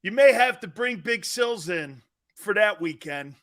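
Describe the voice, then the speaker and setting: A middle-aged man hosts a sports talk show in a high, bright, forceful voice. He jokes loudly and often raises his voice. He hops from one topic to the next as he reads out viewer comments. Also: animated, a little slow. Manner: loud, joking, jumps between topics, often raises his voice. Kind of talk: live sports talk stream, reading chat.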